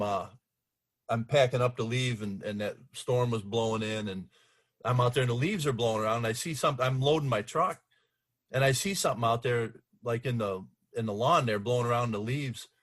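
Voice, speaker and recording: Middle-aged male guest, relaxed and conversational, laid-back storyteller. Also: medium pitch, normal speed. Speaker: podcast guest, host's father. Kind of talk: casual conversation.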